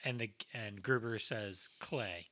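A man's voice: medium pitch, moderate pace. A young man co-hosting a podcast, joking and swearing as he talks through a movie. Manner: joking, profane, animated storytelling. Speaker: podcast co-host. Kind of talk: casual movie chat.

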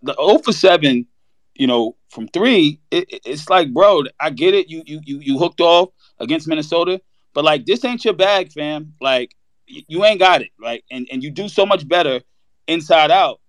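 Lively, higher-voiced man swapping slang. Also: moderate pace, dry recording. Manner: animated storytelling with slang. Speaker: panelist. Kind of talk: casual sports talk.

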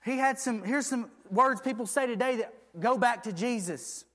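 A man's voice: very high voice, normal speed, a bit bright. A man preaching a sermon, reading scripture aloud and asking the congregation for agreement.

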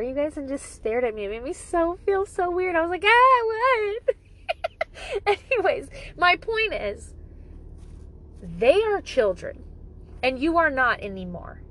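Mom vlogger, high bouncy voice, swears freely, faint hum behind her. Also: low-quality recording. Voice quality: blunt and profane, jokingly exaggerated. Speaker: parent giving parenting advice. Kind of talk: casual monologue to camera.

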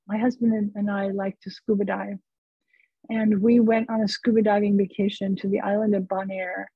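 Husky-voiced woman guest, earnest storyteller, heard over a dry, thin phone-quality line. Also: medium pitch, no echo. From California. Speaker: psychotherapist guest. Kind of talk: personal storytelling in an interview.

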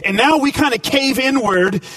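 A man preaching a sermon as pastor, climbing to emphatic points and dropping to a quiet storytelling tone. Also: very high voice, normal speed, no echo, far from the mic.

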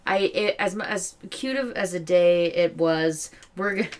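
A woman's voice: on the low side, a little slow. A woman co-hosting a podcast from home, joking and chatting animatedly with her co-host. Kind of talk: casual podcast chat. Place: home, on a couch with dogs.

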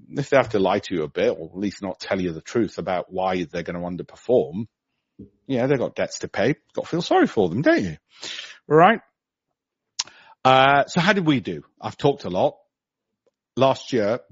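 A man's voice: lowish voice, husky, no room sound, lo-fi sound. A middle-aged man, giving blunt, sarcastic market commentary on a podcast and mocking others in put-on voices.

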